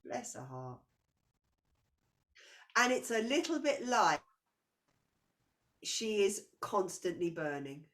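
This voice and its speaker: A woman's voice: medium pitch, very animated, takes it slowly, pauses often, fairly bright tone. A woman giving a past-life reading to a client, talking intensely and circling back as she searches for words. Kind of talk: spiritual reading session.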